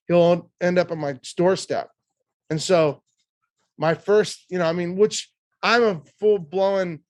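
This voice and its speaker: A man in his sixties, a podcast guest telling a personal story in a lively, fast way, often restarting his sentences. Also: high-pitched, no room sound.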